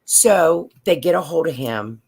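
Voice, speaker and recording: A woman telling a personal story in a slow, halting, emotional way. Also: low-pitched, expressive, a little mellow, husky. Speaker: vlogger.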